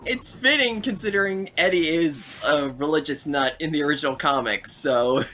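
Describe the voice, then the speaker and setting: A man's voice: on the high side, moderate pace, slight background noise. A man co-hosting a game stream, chatting casually and telling stories with lots of energy and laughter. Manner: animated storytelling, laughs often. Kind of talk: casual chat.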